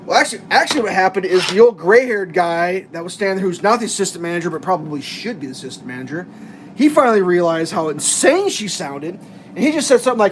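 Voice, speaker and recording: A man's voice: sits high, expressive, fast, slight background noise. A man vlogging from his kitchen, telling an exasperated, rambling story with frequent restarts and laughs. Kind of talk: casual storytelling rant. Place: home kitchen, making breakfast.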